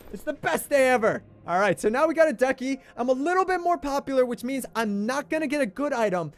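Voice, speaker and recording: A young man streaming a game live, chatting with viewers in an excitable, jokey way and repeating himself when he panics. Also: extremely high pitch, slight background noise. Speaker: gaming livestreamer. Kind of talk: excitable live gameplay commentary.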